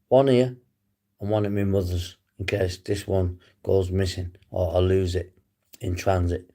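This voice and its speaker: A man's voice: fairly low pitch, warm tone. A man talking straight to his viewers on a live stream, defiant, swearing freely and calling out people in the chat by name. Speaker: livestreamer. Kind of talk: rambling live stream monologue.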